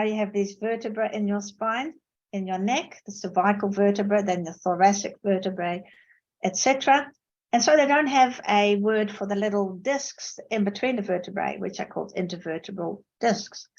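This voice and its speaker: A woman's voice: a little mellow, lo-fi sound. Woman telling lecture anecdotes. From Netherlands. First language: Dutch. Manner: anecdotal, storytelling with emphatic pitch jumps. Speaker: interpreting lecturer. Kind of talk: online academic seminar talk. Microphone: video call.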